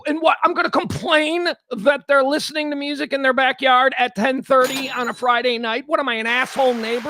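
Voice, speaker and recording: Host, high gravelly voice, rambling wry livestream chatter. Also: male voice, a little hiss or hum. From south side of Chicago. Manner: rambling, wry, animated asides. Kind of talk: casual livestream chat.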